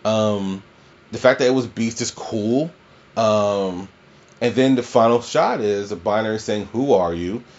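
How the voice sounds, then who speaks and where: A man's voice: fairly low pitch, measured pace, highs cut off. A man casually reviewing a film, rambling and swearing, full of fillers and restarts. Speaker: movie reviewer.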